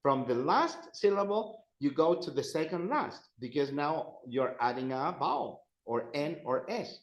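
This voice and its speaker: A man's voice: a little high, sing-song, measured pace, reverberant, low-quality recording. A man teaching a language class, patiently repeating phrases for his students to drill. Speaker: Spanish teacher.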